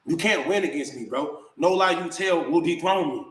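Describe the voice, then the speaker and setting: Speaking at normal speed in a somewhat high, slightly bright voice, a man rants heatedly to camera in an echoey room. He confronts his critics in slangy language, repeatedly calling people "bro."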